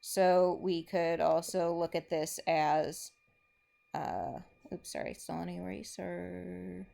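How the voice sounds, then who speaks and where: Slow, low-voiced woman teacher explaining. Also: little pitch movement, vocal fry, mellow. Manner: methodical, step-by-step explaining while marking a board. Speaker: English teacher. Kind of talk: recorded classroom lesson.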